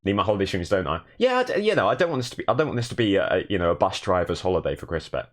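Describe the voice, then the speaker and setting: A young man streaming from his bedroom in a shared flat, chatting casually and self-deprecatingly and thanking viewers. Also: low-pitched, racing. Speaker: Twitch streamer. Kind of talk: casual live stream chat.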